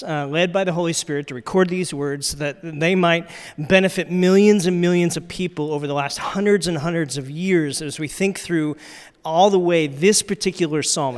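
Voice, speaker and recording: A male pastor delivers a sermon in a loose, conversational manner, his voice sitting a little higher than most men's. He leans on fillers and repeats himself as he works through the passage. The sound carries a long reverb tail from a large church hall. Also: clear, resonant tone.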